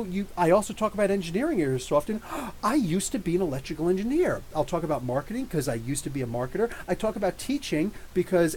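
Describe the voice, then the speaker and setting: Man, middle-aged, podcast host, live Q&A, profane mocking rant, lively swooping pitch. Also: slight background noise, poor audio. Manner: animated, profane, mocking ranting.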